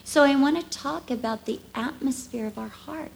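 A woman in her fifties giving a conversational sermon at church, telling emotional stories with lively swings from hushed to animated. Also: high voice, normal speed, gravelly, slight background noise, low-quality recording. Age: 50s. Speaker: speaker at a church.

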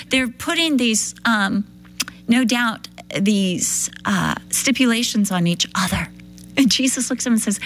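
A woman preaching a sermon in an animated way, acting out the voices of the people she quotes. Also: mid-range voice, normal speed, slight background noise.

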